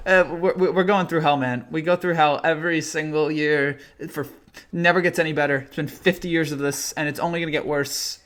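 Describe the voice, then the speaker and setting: A man's voice: a little high, steady tone, fast talker, fairly bright tone. Tired, rambling young sports streamer man. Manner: rambling, teasing, reads and answers chat comments. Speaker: live stream host. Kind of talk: late-night sports live stream chat.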